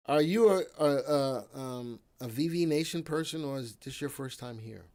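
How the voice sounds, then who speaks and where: A man's voice: medium pitch, animated, moderate pace, hardly any pauses, a little mellow, no echo. Male live-stream stock host, joking and easygoing, dry sound. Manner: chatty and playful, talks to viewers by name.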